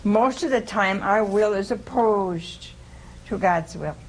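A woman's voice: mid-range voice, takes it slowly, low-quality recording. A woman delivers a casual sermon, talking with her listeners rather than at them. She keeps putting questions to them and chuckles often. A light hiss sits behind her voice. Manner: acts out quoted speech. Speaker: religious teacher. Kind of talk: informal sermon with audience questions.

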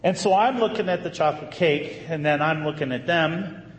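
Animated male priest in an echoey hall. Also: on the high side, normal speed, slight background noise. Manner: animated, conversational storytelling with sudden emphatic bursts. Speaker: Catholic priest. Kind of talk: storytelling sermon. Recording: echoey hall, faint ambience.

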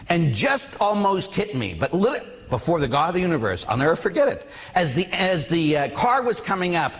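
A man from Pennsylvania preaching a sermon, telling stories with animated energy and rising high when excited. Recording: preaching in a reverberant hall.

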